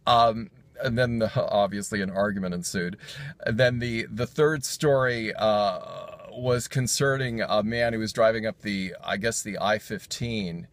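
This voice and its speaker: A man's voice: fairly low pitch, measured pace, dry recording. A man casually recapping a sermon's jokes, rambling with fillers and self-corrections and chuckling as he goes. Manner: chuckles while telling jokes.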